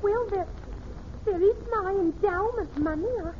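A timid, devoted sweetheart with a plaintive, earnest tone, her voice pitched extremely high. It comes through a dull, lo-fi vintage radio recording with a faint hiss. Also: measured pace. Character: timid, devoted, tearful young woman. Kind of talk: vintage radio sitcom acting.

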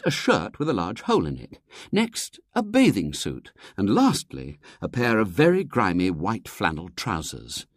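Narrator for a comic storybook: animated, swooping delivery, dead-dry booth sound. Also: no echo. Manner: lively, very expressive reading with wide pitch swings. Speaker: audiobook narrator. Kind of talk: storybook reading.

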